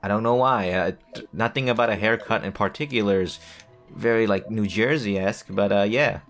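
A man's voice: fairly low pitch, moderate pace, a bit bright, soft background music. A man giving rambling, jokey commentary to himself while playing a building game. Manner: rambling, self-talking, jokey asides. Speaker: gaming video creator. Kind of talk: casual gameplay commentary.

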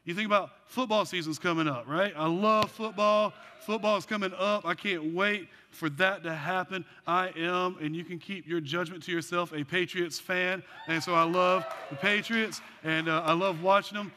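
A man preaching a sermon as pastor, animated with joking asides, then dropping into quiet earnest passages. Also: high-pitched, moderate pace, hardly any pauses, slight background noise. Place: church sanctuary. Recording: long church hall reverb.

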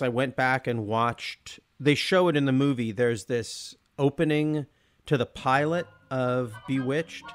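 An enthusiastic man co-hosting a podcast in casual conversation. He laughs often and slips into animated mimicry of other people. His voice sits at a middle pitch. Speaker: podcast co-host. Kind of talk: casual film discussion.

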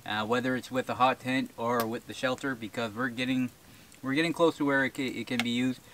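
A man's voice: medium pitch, fairly even intonation, a little fast, fairly bright tone, a little hiss or hum. A man from rural New Brunswick, chatting casually to camera in the woods, rambling with fillers and chuckles. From rural New Brunswick, Canada. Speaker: bushcraft channel host. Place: outdoors in the woods. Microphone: camera-mounted shotgun mic.

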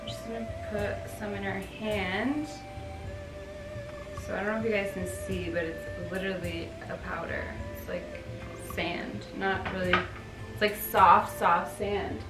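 A woman's voice: mid-range voice, fairly even intonation, measured pace. A young woman hosting a vlog, chatting casually with lots of "like" fillers while giving a facial at home. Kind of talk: casual chat. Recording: echoey room, far from mic, faint music.

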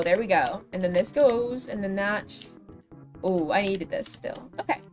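A young woman livestreaming a building game, chatting with her viewers in a dramatic, self-mocking way. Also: mid-range voice. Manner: chatty, dramatic, self-deprecating, talks to chat. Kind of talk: casual game stream chat. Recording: faint music behind.

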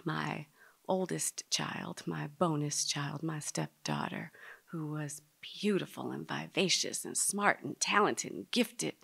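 A woman telling a personal story to a live audience, dramatic and speaking straight to the listeners, sometimes dropping to a hush. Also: deep voice, expressive, slow pace, vocal fry, husky. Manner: dramatic, drops to a hush at tender moments.

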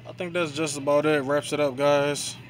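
A man's voice: on the high side, little pitch movement, moderate pace, poor audio. A man casually vlogging with his family, calling viewers y'all and leaning on fillers. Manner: laid-back, addresses viewers as y'all, repeats fillers. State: out of breath. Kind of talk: casual vlog to camera. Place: out and about while shopping, then at home. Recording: loud background noise, traffic.

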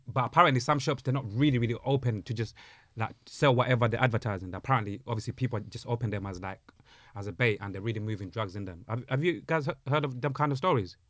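A man's voice: medium pitch, a bit bright, no room sound, studio quality. A young man asking a rambling question in casual podcast chat, full of "like" and "yeah". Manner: questioning, many fillers like "like" and "yeah". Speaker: podcast co-host.

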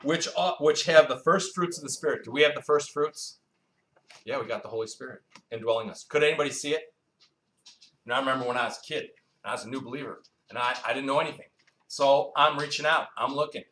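A man's voice: medium pitch, quick pace, fairly bright tone, a little hiss or hum. A male preacher teaching a Bible sermon in a conversational way, quizzing the congregation with questions he often answers himself. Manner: conversational, with asides and storytelling. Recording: roomy echo.

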